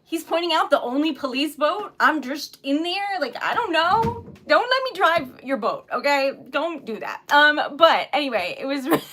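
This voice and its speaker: Young woman, fairly high voice, casual livestream chatter, giggly, rambling, jet lagged. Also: animated, moderate pace, hardly any pauses, background noise. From New England. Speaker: livestream host making wax stickers.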